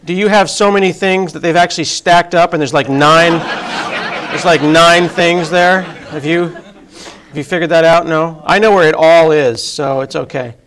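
A man's voice: fairly high pitch, moderate pace, crowd noise, background noise. A man in his forties with a sniffly cold, giving a self-deprecating, chatty live tech talk to an audience in a meeting room. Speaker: tech presenter. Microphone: handheld mic.

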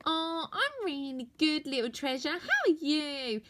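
Brief: woman playing a chatty girl doll, very high, lively, unhurried. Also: very noisy. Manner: friendly, eager chatter. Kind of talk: doll role-play for children.

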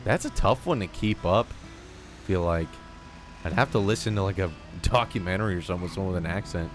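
A man co-hosting a stream, chatting excitedly with casual swearing. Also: low voice, brisk, soft background music. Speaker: streamer co-host.

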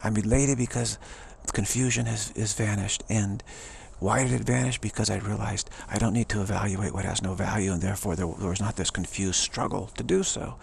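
A middle-aged man with a strongly gravelly, fry-laden voice talks through a rambling, upbeat pep talk. He repeats his points with eager enthusiasm. A faint hiss of noise sits under the recording. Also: lowish voice, steady tone, fairly quick, few pauses. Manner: enthusiastic, repetitive, chuckling often. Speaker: speaker giving a pep talk. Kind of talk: rambling motivational monologue.

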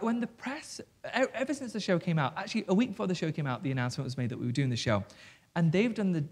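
A man tells stories candidly from a stage. His voice sits a little high for a man, and he talks with animated energy, dropping swear words and quick asides. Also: breathy edge. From South Yorkshire, England. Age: 30s. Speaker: author and guest. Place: stage before an audience.

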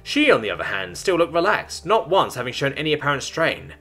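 A man narrating a science fiction story in an animated storytelling manner, with soft music beneath. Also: a little high, a little fast. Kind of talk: scripted narration.

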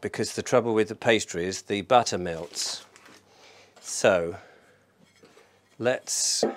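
A man from England talks his way through a home cooking vlog indoors, his voice sitting on the low side. He thinks aloud as he works, rambling and poking fun at himself in a relaxed, chatty way. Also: a little hiss or hum. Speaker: vlogger. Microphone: microphone in a room.

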